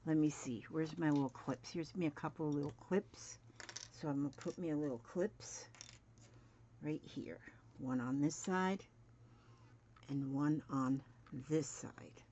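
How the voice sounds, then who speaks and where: An unhurried woman in her seventies with a low voice who chats and mutters to herself as she works through a sewing demonstration. She was recorded on a dull, lo-fi home setup with faint noise in the background. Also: mellow. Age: 70s. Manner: chatty, mutters to herself while working. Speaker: crafting vlogger.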